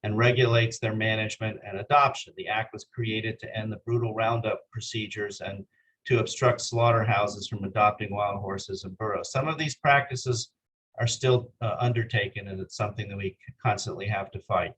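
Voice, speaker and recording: A man's voice: fairly low pitch, steady tone, normal speed, fairly bright tone, a little hiss or hum, low-quality recording. Earnest man presenting a law lecture. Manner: earnest, with frequent hesitations and calls for the next slide. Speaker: continuing legal education presenter.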